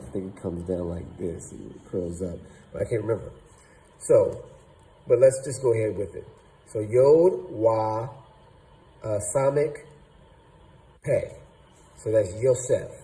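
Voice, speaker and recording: A man teaching a lesson, slowly sounding out syllables and thinking aloud. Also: deep voice, mellow, low-quality recording. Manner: slow and deliberate, sounding out syllables; thinking aloud, doubting himself. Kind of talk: explaining at a whiteboard.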